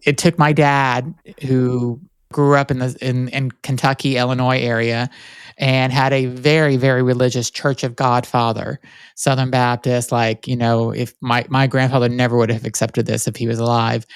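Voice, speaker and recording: A man hosting a podcast, with a smooth, clear voice recorded close and dry. He chats freely, tells stories and keeps up a steady flow of encouraging replies. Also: mid-range voice, moderate pace, no room sound. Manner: chatty, storytelling, frequent affirming fillers. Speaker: podcast host. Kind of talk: casual interview conversation.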